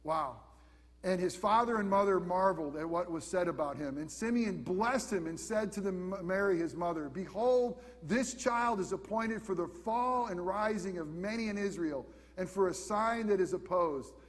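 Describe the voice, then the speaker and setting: A man preaching a sermon with emphatic, repeated questions, swinging between loud and hushed delivery. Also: sits high, moderate pace, in a large hall.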